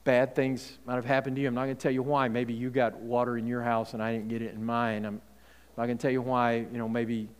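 A man preaches a sermon conversationally, often restarting phrases and checking in with "okay?". His medium-pitched voice is brisk and clean, with little pitch movement, heard in long hall reverb.

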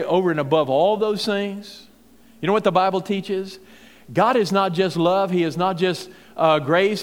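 High-voiced preacher man in a reverberant hall. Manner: preaching with rising emphatic bursts and quiet asides. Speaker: pastor. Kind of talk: sermon.

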